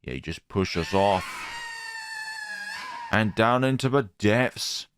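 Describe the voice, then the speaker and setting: A man's voice: lowish voice, animated, slow, background noise. A man giving casual let's-play commentary with wry, sarcastic asides. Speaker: gaming YouTuber.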